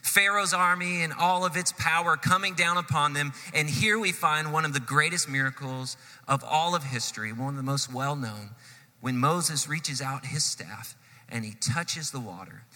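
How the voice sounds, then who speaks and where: Animated male preacher in a reverberant hall. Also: mid-range voice, moderate pace. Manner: animated storytelling, swells and drops in loudness. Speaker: pastor. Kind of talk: sermon.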